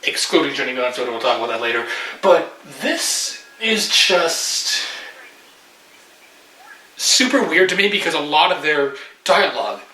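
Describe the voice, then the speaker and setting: A man's voice: medium pitch, sharp tone. A man giving a casual, joking reaction review of a movie, sarcastic and rambling. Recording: roomy echoey room.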